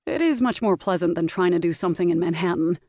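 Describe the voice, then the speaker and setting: A woman's voice: on the low side, quick pace, darkish tone, no room sound, studio quality, lightly acted. Woman voicing a flustered, formal male party secretary.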